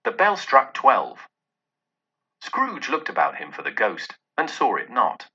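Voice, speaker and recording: A man's voice: mid-range voice, slow, vocal fry, husky. A man giving a dramatic, theatrical storybook narration on a dull lo-fi recording. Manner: theatrical, expressive.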